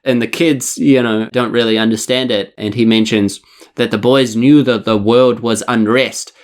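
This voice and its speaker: A man's voice: mid-range voice, fairly even intonation, moderate pace. A man co-hosting a podcast, giving his take on a book in a loose, musing way, full of fillers and the odd swear word. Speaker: podcast co-host. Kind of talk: casual book discussion.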